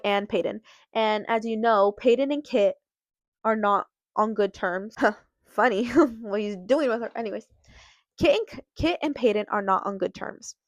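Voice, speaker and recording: A woman's voice: fairly high pitch, dry recording. A woman giving a casual book review, gushing and rambling, often cutting herself off mid-sentence. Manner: gushing, rambling, self-interrupting.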